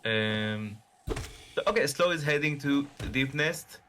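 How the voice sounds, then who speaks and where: A man's voice: medium pitch, lively intonation, takes it slowly, pushed and bright, a little hiss or hum. A man co-commentating a live speedrun race in a laid-back way, laughing often and drawing out his phrases. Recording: music playing behind.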